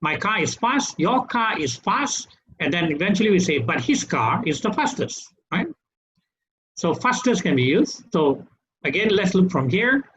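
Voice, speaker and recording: A man's voice: high-pitched, very animated, measured pace, fairly bright tone, a little hiss or hum. A man with a Malaysian English accent teaching English grammar in an online webinar, checking in with "right?" after each point. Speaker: English trainer. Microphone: webinar computer mic. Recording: dull lo-fi webinar audio.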